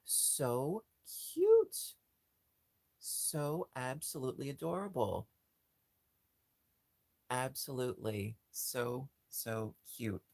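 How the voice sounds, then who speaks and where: On a laid-back livestream, the host, a man with a gravelly voice, rambles and restarts often, jumping up to a squeaky pitch as he gushes about anything cute. There's no echo on the recording.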